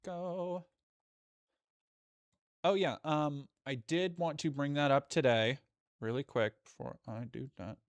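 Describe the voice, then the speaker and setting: A man's voice: mid-range voice, fairly even intonation, normal speed, no room sound. Rambling man chatting on a live stream. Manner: rambling, self-interrupting, swears casually. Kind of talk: casual live-stream chat.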